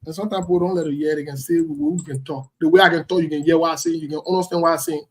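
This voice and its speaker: Fast, husky, high-voiced ranting man. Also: fairly even intonation. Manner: blunt, repetitive and emphatic. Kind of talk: heated political commentary.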